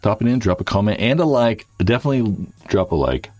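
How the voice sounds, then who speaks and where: Rambling, lively man on a livestream. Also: fairly low pitch, fairly quick, no room sound, faint music behind. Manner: rambling, swears, many filler likes. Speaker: YouTube channel host. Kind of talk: casual livestream chat.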